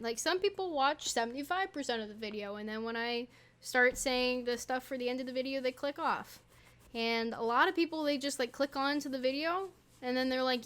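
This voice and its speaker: A woman's voice: a little high, a little fast, fairly bright tone. A young woman chatting casually while showing a tutorial, playful and rambling with little asides. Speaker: YouTuber.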